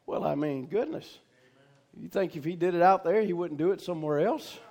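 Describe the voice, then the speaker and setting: A man preaching a sermon, telling a folksy story and building to fervent shouts with call-outs to the congregation. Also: high voice, a little fast.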